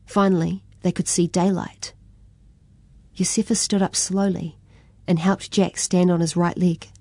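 A woman's voice: on the low side, level tone, measured pace, dark tone, no room sound. A woman reading a children's adventure story aloud.

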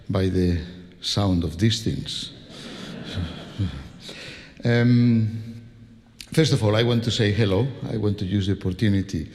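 Spanish-accented conductor in a reverberant hall. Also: male voice, lowish voice, a little mellow. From Spain. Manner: chatty, laughing, with many restarts. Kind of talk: informal speech to a concert audience. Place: large concert hall. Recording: long hall reverb from a stage.

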